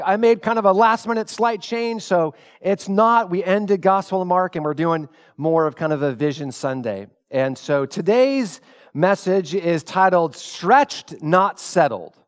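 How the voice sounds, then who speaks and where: A man's voice: high-pitched, animated, normal speed. A man preaching a sermon as pastor, telling stories in a loose conversational way and asking the congregation rhetorical questions.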